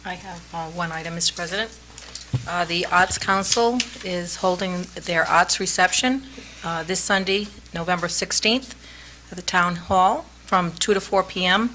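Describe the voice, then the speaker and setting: Female councillor, bright tone, plain repetitive announcement. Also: on the low side, normal speed, slight background noise, low-quality recording. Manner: plain, repeats key details. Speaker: council member. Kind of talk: meeting announcement. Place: town hall council chamber.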